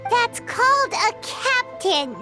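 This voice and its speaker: A woman's voice: very high-pitched, sing-song, slow, exaggerated voice. A woman voicing a tiny, chirpy female fairy companion who teases and talks about herself in the third person, for a video game. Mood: teasing. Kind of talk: game voice acting. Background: game music.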